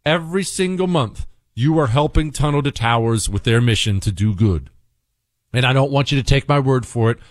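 Sarcastic talk radio host, dry close mic. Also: male voice, medium pitch, moderate pace, no echo. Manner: sarcastic, emphatic, repetitive ranting. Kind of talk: opinionated talk radio monologue.

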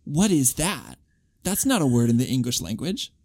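A man's voice: mid-range voice, normal speed, no room sound, clean studio sound. A man co-hosting a casual pop-culture podcast. He talks in a jokey, dramatic way and reads out a listener's letter. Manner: animated, jokey, dramatic asides. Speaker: podcast co-host.

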